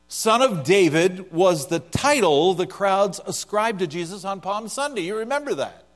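A man preaching a sermon, moving between loud emphatic passages and quiet, hushed lines. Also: sits high. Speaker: pastor.

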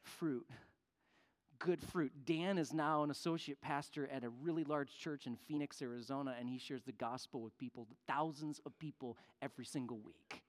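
A man preaching a sermon, telling a story with animated voices for the people in it. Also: medium pitch, moderate pace. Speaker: pastor. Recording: long hall reverb.

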